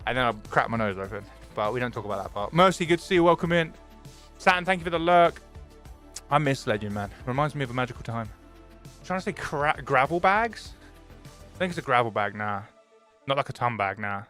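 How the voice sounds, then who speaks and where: A young British man chats casually on a stream, excitable and swearing freely, swinging from loud enthusiasm to mock gloom. His voice is fairly high and fairly quick, with soft music playing in the background.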